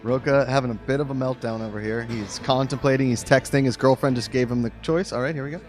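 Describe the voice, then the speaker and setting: A man's voice: mid-range voice, steady tone, fast talker, faint music behind. A man hosting a fantasy football draft, announcing picks and joking with the players. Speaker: draft host. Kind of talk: lively draft emceeing.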